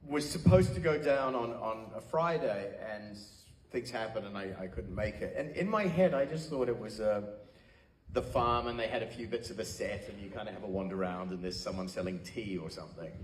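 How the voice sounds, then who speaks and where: A man's voice: fairly low pitch, a little fast, a little hiss or hum. Chatty man in echoey convention hall. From New Zealand. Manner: chatty, animated storytelling with laughs. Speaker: convention panel guest. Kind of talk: casual anecdote. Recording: echoey hall with faint ambience.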